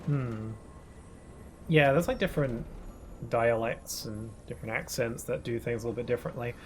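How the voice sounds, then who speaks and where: A British game streamer chats casually with his viewers while gaming, rambling and often restarting his sentences. His voice is medium-pitched at a moderate pace, with slight background noise.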